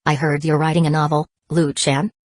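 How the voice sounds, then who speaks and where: A woman's voice: deep voice, flat delivery, fairly quick, no room sound, studio quality. A woman voicing an eager, bubbly young bookish girl in an audiobook reading. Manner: eager, bright.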